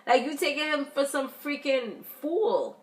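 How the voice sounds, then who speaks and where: A woman's voice: high voice, measured pace. Woman doing a tv recap vlog, blunt and chatty, lots of likes and ums. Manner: animated, blunt, chatty with many fillers. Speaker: reality TV recap vlogger. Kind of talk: casual review chat.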